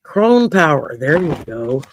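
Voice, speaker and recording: A woman's voice: sits low, sing-song, slow pace, background noise. A woman from Louisiana with a Cajun accent, hosting a casual late-night stream, reading cards for viewers with salty jokes and cussing. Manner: salty, jokey, swears freely and laughs often.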